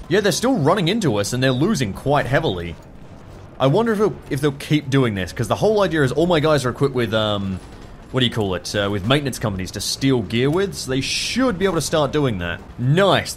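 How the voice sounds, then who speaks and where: Aussie guy playing a strategy game, voice jumps all over, keeps going what? why?, faint music behind. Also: medium pitch. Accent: Australian. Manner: animated, swears, exclaims in disbelief. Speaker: gaming YouTuber. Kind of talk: casual gameplay commentary. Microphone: desk condenser mic, overdriven.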